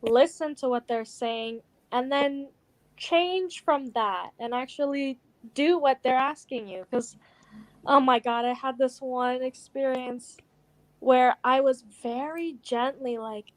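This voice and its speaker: Young woman, high and chatty. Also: steady tone, moderate pace, no room sound, poor audio. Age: 20s. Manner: chatty, many "like"s, acts out quotes. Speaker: co-host. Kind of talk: casual chat, storytelling.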